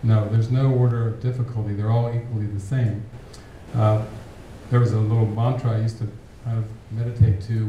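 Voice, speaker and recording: A man gives a relaxed, reflective spiritual talk, with a very warm and mellow tone. He sounds far from the mic in a strongly echoing hall. A faint background noise runs under his voice. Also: lowish voice, fairly quick. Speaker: spiritual teacher. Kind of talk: spiritual talk with audience question.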